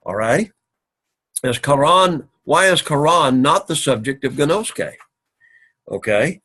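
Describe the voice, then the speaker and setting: A man giving a recorded classroom lecture as a Greek teacher, explaining slowly and repeating points methodically. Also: on the high side, lively intonation, pushed and bright.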